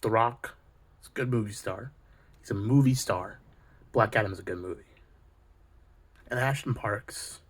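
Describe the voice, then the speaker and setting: A man's voice: on the low side, a bit bright. A man delivering a heated, preachy monologue as a video creator, swearing constantly. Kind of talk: profane ranting monologue.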